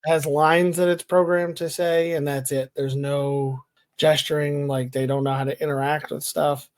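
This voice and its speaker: A man co-hosting a podcast, chatty and quick to laugh while telling anecdotes. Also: on the high side, flat delivery, no room sound, studio quality. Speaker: podcast co-host. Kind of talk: casual podcast chat.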